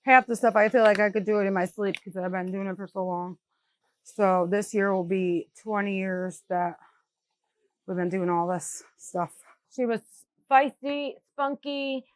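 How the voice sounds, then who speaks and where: A woman's voice: mid-range voice, darkish tone, no room sound. A middle-aged woman from New York State, a mother giving a documentary interview, speaking candidly and in plain everyday words, with frequent "like" and "you know" fillers. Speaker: mother of a crash victim.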